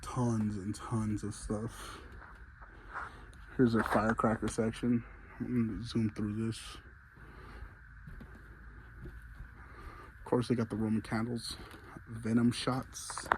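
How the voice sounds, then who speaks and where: A man's voice: fairly low pitch, level tone, slow pace, long pauses, background noise. Out-of-breath man touring a fireworks store. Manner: chatty, enthusiastic, rambling. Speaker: vlogger. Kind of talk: casual walk-through vlog. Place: large fireworks store, indoors.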